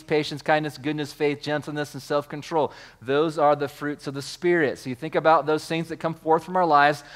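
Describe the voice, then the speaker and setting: A pastor delivering a sermon in a fairly high male voice. He reads the scripture out, then builds his point by repeating key words and stopping to restart phrases. He calls on the congregation to say lines with him.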